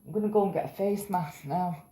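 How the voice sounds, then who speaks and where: A woman's voice: on the low side, fairly quick, warm tone, echoey room, slight background noise. A tired woman rambling in a casual vlog, self-mocking and swearing casually. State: tired after a night up. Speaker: vlogger.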